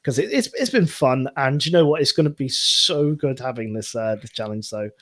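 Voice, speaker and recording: A man's voice: mid-range voice, lively intonation, moderate pace, fairly bright tone. A man co-hosting a casual gaming show, talking in a hesitant way with repeated words and frequent laughter. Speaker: co-host.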